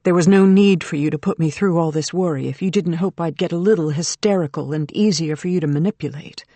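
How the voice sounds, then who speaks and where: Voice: mid-range voice, brisk, warm tone, no echo, natural voice. An audiobook narrator voicing a determined woman who speaks tensely and bitterly while negotiating for her son, in a dry recording. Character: determined mother under strain, adult woman. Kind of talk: audiobook character reading.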